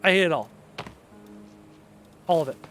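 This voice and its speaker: A man's voice: a little high, normal speed, a bit bright, soft background music. A man gaming at home and talking to his viewers, ranting in a blunt, opinionated way and repeating his key points for emphasis. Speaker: gaming YouTuber and streamer. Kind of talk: casual rant while playing a game.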